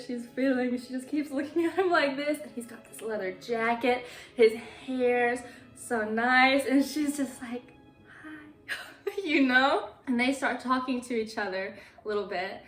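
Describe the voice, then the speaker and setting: A woman's voice: fairly high pitch, normal speed, faint music behind. Casual young female vlogger recapping a film, giggly, roomy echo. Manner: chatty, laughs often, quotes characters in hushed voices.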